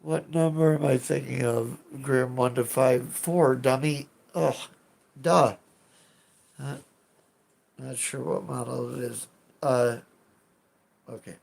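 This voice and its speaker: A man streams live and chats with viewers in a slow, unhurried, rambling way. His voice carries a gravelly fry, and he's self-deprecating, dropping the odd swear as he goes. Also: mid-range voice, steady tone, a little mellow. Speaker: streamer answering live chat. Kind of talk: casual livestream chat.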